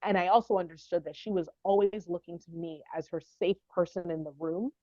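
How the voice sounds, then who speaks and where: A woman guest on a podcast interview, telling a personal family story in an earnest, heartfelt, halting way. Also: lowish voice, steady tone, dark tone, no echo, lo-fi sound.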